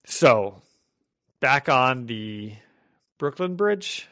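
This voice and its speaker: A man hosting a casual comic book podcast, animated and quick to laugh. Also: mid-range voice, no echo, clean studio sound. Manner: animated, laughs often, acts out quotes. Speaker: podcast host.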